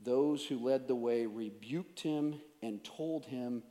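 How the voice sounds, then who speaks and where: A man preaching a sermon as pastor, swinging between hushed, intense asides and raised, emphatic points, and bantering playfully with volunteers. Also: mid-range voice, slow. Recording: long reverb of a large hall.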